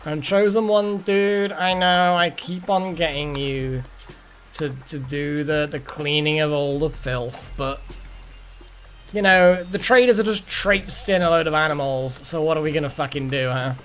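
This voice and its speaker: A man giving casual, rambling commentary while streaming a game, swearing now and then and thinking out loud. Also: a little high, unhurried, faint music behind.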